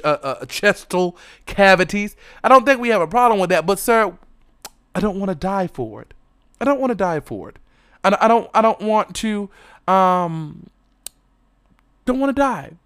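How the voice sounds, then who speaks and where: A man telling an explicit personal story in a flamboyant, dramatic way, breaking into sudden loud exclamations. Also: sits high, clean tone, no echo, clean studio sound.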